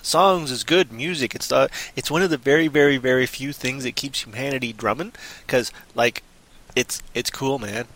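A man's voice: medium pitch, moderate pace, a bit bright, a little hiss or hum. A man hosting a podcast in casual, rambling, jokey chat. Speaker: podcast host.

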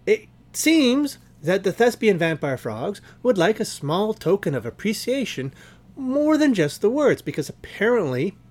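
A man hosts and narrates an improvised role-play game on his online radio show. He rambles playfully and jokes as he goes. His voice sits high and swings lively up and down.

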